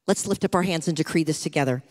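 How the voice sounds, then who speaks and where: A woman's voice: low voice, fast, darkish tone. A middle-aged woman pastor preaching a sermon with rising fervor to her church. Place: church sanctuary.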